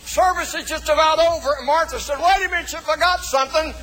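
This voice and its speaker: Preacher guy, real high bright voice, tells stories n calls out to the church. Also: steady tone, fast, rough recording. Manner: storytelling preacher, calls out to the congregation. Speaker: pastor. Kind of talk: sermon.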